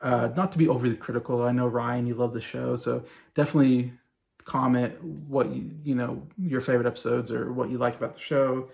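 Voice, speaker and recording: Man around forty, gravelly voice, rambling casual review, lots of fillers. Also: medium pitch, fairly even intonation, brisk, darkish tone. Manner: rambling, loose retelling with many fillers and chuckles. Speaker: TV show reviewer.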